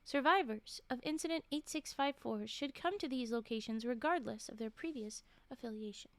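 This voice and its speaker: At normal speed and with a fairly bright tone, a slightly high-voiced woman reads spooky stories on a casual stream, recorded dry. She's chatty, frequently stopping to react, laugh, whisper asides and answer chat.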